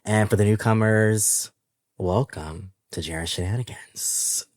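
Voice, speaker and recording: A man with a lowish voice hosts his podcast solo, chatting in a loose, playful, animated way and laughing often. The sound is dry and close, with no room around it. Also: a little slow, no echo. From San Francisco Bay Area. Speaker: podcast host. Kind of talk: casual solo podcast chat.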